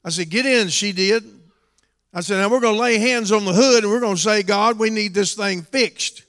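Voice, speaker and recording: A middle-aged man preaching a storytelling sermon in a church, dropping to a quiet telling voice and rising to shouts. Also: high-pitched, normal speed. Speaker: pastor. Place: church hall. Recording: long hall reverb.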